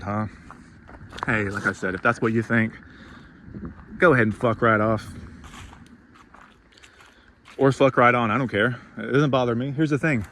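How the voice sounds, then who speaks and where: A man's voice: medium pitch, pushed and bright, slight background noise. A man giving a profane, sarcastic motivational rant, worked up and swearing freely. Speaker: vlogger.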